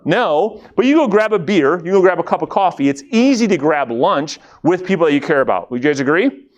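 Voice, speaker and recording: A man leading a live coaching session for real estate agents, energetic and conversational, checking in with the room and acting out quick bits of dialogue. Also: a little high, highs cut off. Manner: acts out quick quoted dialogue.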